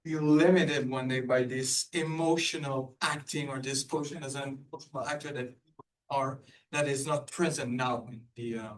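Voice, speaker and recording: A man in the audience asking a long, halting question, stumbling through fillers and restarts. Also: medium pitch, fairly even intonation, low-quality recording. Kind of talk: hesitant spoken question.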